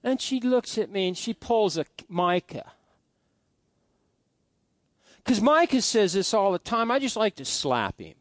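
A man's voice: sits high, big pitch swings, normal speed, no echo, studio quality. A middle-aged male pastor preaching a sermon, telling folksy stories with many restarts and asides.

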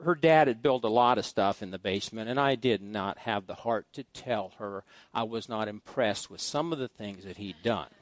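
A middle-aged male pastor telling folksy personal stories during a sermon, swinging between loud asides and quiet musing. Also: on the low side, moderate pace, hardly any pauses, no echo. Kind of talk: storytelling sermon. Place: church sanctuary.

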